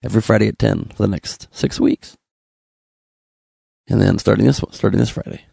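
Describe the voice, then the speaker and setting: A man's voice: fairly low pitch, a little fast, creaky, dark tone, slightly rough, no echo, studio quality. A young man from Los Angeles hosting a comedy podcast, riffing sarcastically and slipping into mock voices. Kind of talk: comic monologue.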